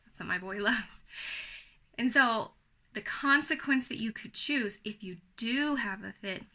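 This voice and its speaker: A young adult woman talking straight to camera as a parenting coach, giving firm, even, encouraging step-by-step advice. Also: a little high, measured pace. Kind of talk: talking-head teaching video.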